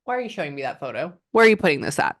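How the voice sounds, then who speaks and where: A woman working as a psychic medium, giving a client a reading and passing on messages in an animated, chatty way. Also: sits low, very fast, dry recording, studio quality. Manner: animated, relays messages in quotes, frequent "hold on".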